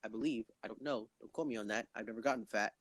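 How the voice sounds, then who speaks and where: A man hosting a podcast in loud, rambling, stuttery casual chat, swearing often. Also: lowish voice, fast talker, slightly rough, no room sound. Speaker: podcast host.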